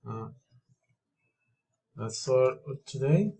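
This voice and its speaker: A man's voice: medium pitch, a little slow, darkish tone, poor audio. A man reading English intonation drills aloud, one sentence at a time, as a teacher demonstrating each pattern. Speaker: language teacher.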